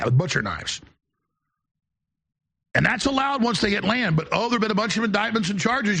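Male talk host, high gravelly voice, sarcastic ranting delivery, shouts bursts. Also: big pitch swings, fairly quick. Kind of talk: ranting call-in show monologue.

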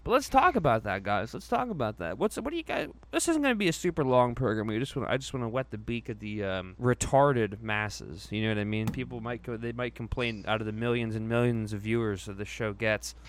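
A man's voice: mid-range voice, lively intonation, brisk, hardly any pauses, no echo. A male podcast host in casual, profane chat who laughs often. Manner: crude, laughs often, swears freely.

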